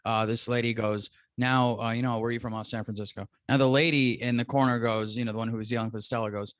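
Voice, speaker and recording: A man's voice: medium pitch, fairly even intonation, fast talker, few pauses, a bit bright, no room sound, studio quality. A man telling a story in a casual podcast chat, acting out the people he quotes. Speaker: comedian guest.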